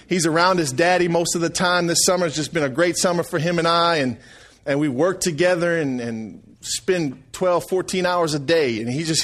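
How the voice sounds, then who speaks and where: A man's voice: fairly high pitch, fairly bright tone. A middle-aged man preaching a sermon, telling folksy family stories and calling out for the congregation's response. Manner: folksy storytelling, calls for response.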